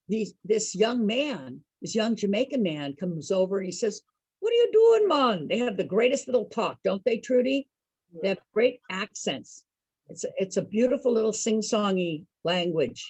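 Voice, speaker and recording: A woman tells a personal story with real animation, her voice leaping up and down as she laughs and asks her listeners questions. Her tone is a little husky, set fairly high, and sounds close and dry with no room echo. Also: darkish tone. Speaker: entertainer for program participants.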